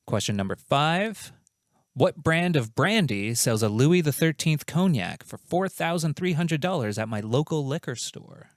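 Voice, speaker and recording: A man's voice: a little high, expressive, a little slow, no room sound, studio quality. A man hosting a comedic quiz show, reading out questions and answers in a playful, jokey, self-mocking way.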